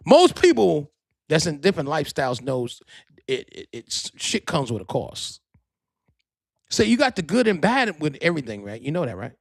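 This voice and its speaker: Animated gravelly male podcast host. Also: a little high, normal speed, dry recording, clean studio sound. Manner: animated, profane, slangy street talk. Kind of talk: casual podcast monologue.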